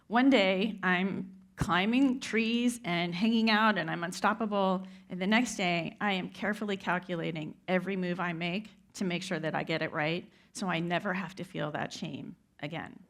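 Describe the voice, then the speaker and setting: A woman's voice: lowish voice, fairly bright tone. A woman giving an inspirational speech from a stage, telling a personal story and speaking straight to her audience. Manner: heartfelt storytelling, addresses the audience directly. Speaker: keynote speaker. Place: event stage before a live audience.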